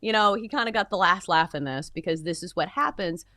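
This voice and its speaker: A woman's voice: fairly low pitch, a little fast, bright, forceful tone, no room sound. A woman co-hosting a sports talk show, giving opinions in a casual way with lots of "like" fillers. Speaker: sports betting show co-host.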